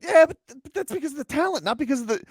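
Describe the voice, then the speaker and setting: A male sports talk radio host in a heated debate, his voice pitched very high and swinging widely. He argues insistently and cuts in over his co-host. The sound is dry and close to the mic. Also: rapid-fire, no echo. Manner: argumentative, talks over his co-host, animated.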